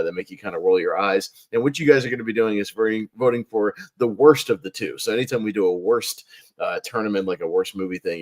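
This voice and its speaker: A man hosting a casual live-stream panel chat, rambling and filling pauses with "uh". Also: on the low side. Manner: rambling, heavy with "uh" fillers. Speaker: host.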